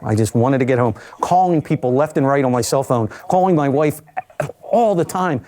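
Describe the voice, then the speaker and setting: An older man recounting his own survival in a documentary interview, measured and reflective with vivid asides. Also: medium pitch, lively intonation, warm tone.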